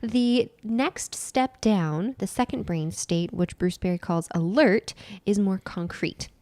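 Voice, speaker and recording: A woman's voice: medium pitch, slow pace, a little mellow, no room sound. A woman co-hosting a podcast, explaining ideas step by step in casual chat and repeating key phrases for emphasis. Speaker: podcast co-host and nutritional therapist.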